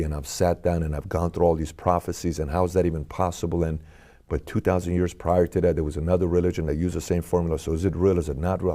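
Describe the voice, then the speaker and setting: Man, army veteran, very low voice, earnest testimony, searching questions, conversational. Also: dark tone. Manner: conversational, with frequent "like" and "okay?". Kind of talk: personal testimony in an interview.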